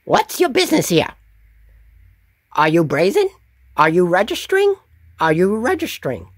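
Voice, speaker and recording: Man doing a shrill excited goblin guard. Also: moderate pace, dry recording, clean studio sound, heavily acted. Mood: brusque. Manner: shouty, curt and excited.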